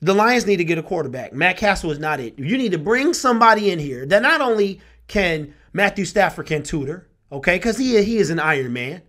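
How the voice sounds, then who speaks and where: A young man with a high voice delivers an exasperated sports rant. He talks with passion and repeats himself often, sounding thoroughly fed up. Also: very animated, a little fast, hardly any pauses, fairly bright tone. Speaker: sports vlogger. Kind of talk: ranting sports commentary.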